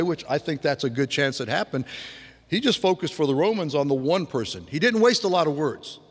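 A man preaching a sermon in a loose, conversational way, with frequent restarts and vivid imitations of sounds. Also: fairly high pitch. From grew up on a farm. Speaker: pastor. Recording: long hall reverb.

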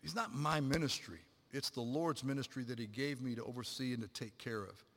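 A man's voice: mid-range voice, fairly quick. Middle-aged male pastor preaching in a reverberant hall. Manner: animated storytelling, acts out quotes, swings from loud to hushed. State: a little out of breath. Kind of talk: sermon.

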